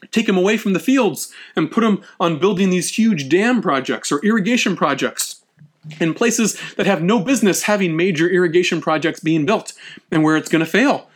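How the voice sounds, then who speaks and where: A man with a high-pitched voice lecturing on history. He talks animatedly, slips into acted-out quotes, and often stumbles and restarts mid-phrase.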